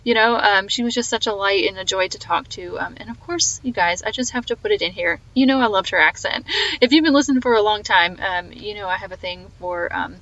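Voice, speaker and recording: A woman's voice: mid-range voice, brisk, fairly bright tone, lo-fi sound. A woman hosting a faith podcast with a slight Southern twang, talking earnestly and rambling a little as she reflects on an interview. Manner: earnest, rambling, full of fillers. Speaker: podcast host.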